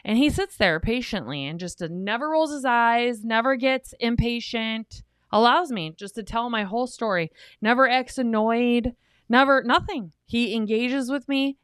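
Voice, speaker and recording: A woman's voice: fairly high pitch, a bit bright, clean tone, dry recording, studio quality. A woman co-hosting a couples podcast, telling a long, rambling story in a chatty way. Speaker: podcast co-host. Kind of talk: casual podcast talk.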